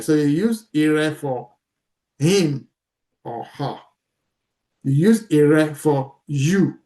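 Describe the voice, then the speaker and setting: Slow, mellow-voiced man teaching a lesson. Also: fairly high pitch. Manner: patient, repeats words slowly, with many fillers and restarts. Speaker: language teacher. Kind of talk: slide-based language lesson.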